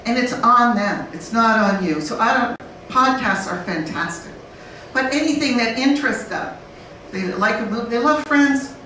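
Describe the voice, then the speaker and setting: A woman speaking on a conference panel in a lively, blunt way, acting out learners and babies. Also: on the high side, moderate pace. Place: conference room. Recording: very echoey room from far off, faint noise.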